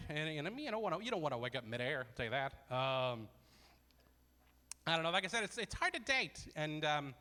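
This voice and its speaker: A man's voice: fairly high pitch, bright, forceful tone, long reverb tail. A man in his forties doing self-deprecating stand-up comedy at a charity fundraiser, rambling through asides. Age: 40s.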